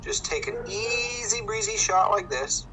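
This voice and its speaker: A man hosting casual commentary, calmly explaining his shots step by step while he plays. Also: high voice, a little slow, noisy background. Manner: relaxed, explaining tips step by step. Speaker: host.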